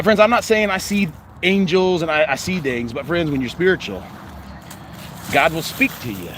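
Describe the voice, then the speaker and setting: A man talking earnestly and rambling to his viewers outdoors, filming himself on a phone. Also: fairly high pitch. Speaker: vlogger. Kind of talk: casual monologue to viewers. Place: outdoors, windy cemetery grounds. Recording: noisy outdoor recording with wind.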